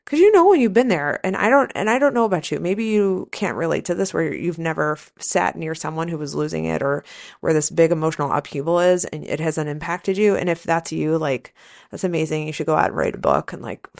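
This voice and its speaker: A woman's voice: sits low, expressive, fairly quick, creaky, a little mellow. A woman hosting a casual solo podcast, telling a rambling story in a candid, profane way. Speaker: podcast host, nurse and coach.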